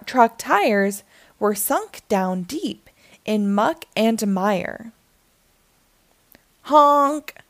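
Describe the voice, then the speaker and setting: Slow, sing-song woman reading aloud. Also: fairly high pitch, creaky, no echo. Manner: sing-song, expressive storytelling. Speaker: children's book reader. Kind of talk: reading a picture book aloud.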